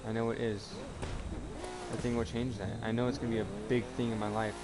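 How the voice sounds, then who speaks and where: A man talking casually in a personal vlog, halting and rambling with many restarts, earnest and confessional. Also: medium pitch, level tone, very noisy. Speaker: YouTuber. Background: music playing.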